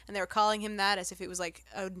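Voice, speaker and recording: A woman co-hosting a casual movie review chat, telling stories with lively asides and acting out her own reactions. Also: very fast, no echo. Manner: animated storyteller, quotes herself in a higher voice. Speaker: podcast co-host.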